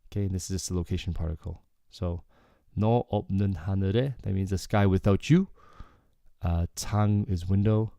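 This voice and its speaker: A man with a low, mellow voice walks through a song's lyrics as a casual Korean lesson. His tone is smooth and clear, and he keeps checking in with learners as he explains. The sound is close and dry. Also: fast talker, dry recording. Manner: relaxed, explanatory, frequent "okay" and "like". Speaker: Korean language teacher.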